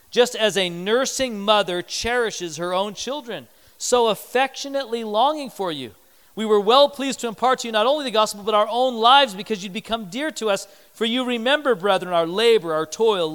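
A man's voice: sits high, fairly bright tone, smooth, big-room sound. A man preaching a sermon in a church, talking conversationally and acting out little quoted scenes. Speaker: pastor.

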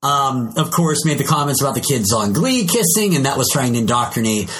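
Lively, animated man chatting on a podcast. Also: medium pitch, brisk, slight background noise. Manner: animated, jokey, slips into silly put-on voices. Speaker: podcast co-host. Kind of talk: casual comedic chat.

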